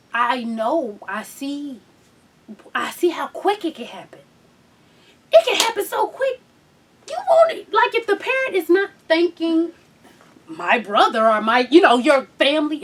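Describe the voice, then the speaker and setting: A woman hosting a frank casual chat, telling blunt, profane stories with loud outbursts and hushed asides. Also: high-pitched, animated, measured pace, far from the mic. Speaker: host.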